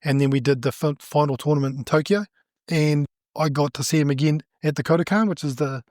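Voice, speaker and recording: A middle-aged man with a New Zealand accent, a judo coach telling stories in a casual interview, animated and laughing as he acts out what people said. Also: fairly high pitch, a little fast, no room sound, studio quality.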